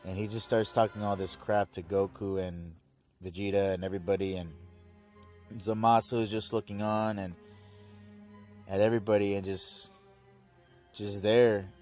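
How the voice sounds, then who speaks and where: A man casually recapping an episode in a rambling, excitable way. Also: fairly low pitch, moderate pace, pauses often, faint music behind. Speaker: channel host.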